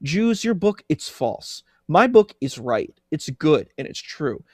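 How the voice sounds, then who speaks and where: A smug debater who brushes off every other book in a lilting, condescending sing-song, as a man imitates him. The voice rides higher than a normal speaking pitch. The sound is dry and close. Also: very animated, takes it slowly, dry recording, exaggerated voice. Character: smug male debater dismissing other scriptures.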